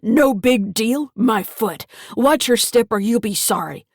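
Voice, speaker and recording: A woman voicing a gruff, bullying older grandfather with a violent temper, barking commands in a dry, close recording. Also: a little high, a little slow, no echo. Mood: threatening.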